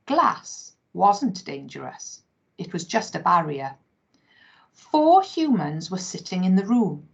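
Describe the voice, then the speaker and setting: A woman teacher reading a children's story aloud with expressive, dramatic storytelling. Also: on the low side, slow pace, vocal fry, breathy edge. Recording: dull lo-fi recording.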